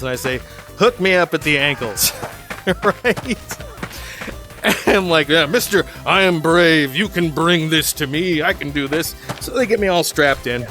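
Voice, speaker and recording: A man's voice: a little high, a bit bright. Chatty man telling a story, laughing. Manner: chatty, laughs often, acts out voices. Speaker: gaming channel host. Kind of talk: casual storytelling over gameplay.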